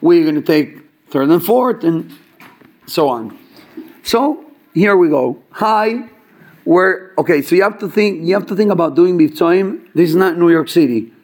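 Man, casual storyteller, slightly high voice, filler-heavy, acts out dialogue. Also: measured pace. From Chabad yeshiva student background. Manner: animated, acts out quoted dialogue, many fillers. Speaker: storyteller at a gathering.

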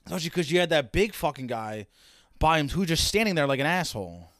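A man's voice: a little high, animated, fast talker, fairly bright tone, dry recording, studio quality. Profane wisecracking young man. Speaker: reaction video host. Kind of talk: casual reaction commentary.

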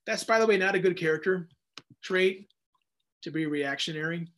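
A man in his thirties with a high-pitched voice leads a Bible teaching. His sermon is casual and conversational, full of restarts and self-deprecating asides. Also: moderate pace, fairly bright tone. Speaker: pastor.

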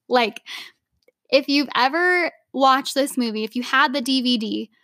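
A young woman co-hosting a podcast, chatting casually and laughing easily as she fills her talk with "like". Her voice sits fairly high, and the sound is dry and close with almost no room. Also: unhurried, pushed and bright, no echo. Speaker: podcast co-host. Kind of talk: casual chat.

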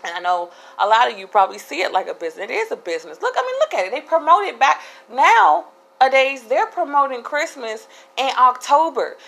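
A woman's voice: high-pitched, very animated, brisk, creaky, a bit bright, low-quality recording. A woman hosting a casual solo podcast, talking candidly in a rambling way with frequent restarts. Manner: candid, rambling, laughs between thoughts. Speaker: podcast host.

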